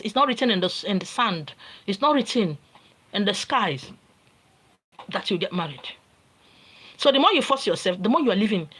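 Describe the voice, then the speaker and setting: A woman's voice: mid-range voice, fairly bright tone, low-quality recording. A woman with a Nigerian accent giving an informal spiritual teaching, talking in an emphatic, repetitive, lecturing way.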